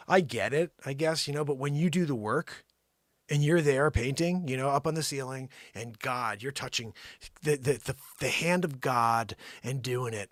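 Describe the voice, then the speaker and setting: A man hosting a show, riffing through an improvised comedy monologue, swinging between loud bursts and low mutters. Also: normal speed, no room sound. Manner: animated, jumps between shouting and muttering. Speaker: host.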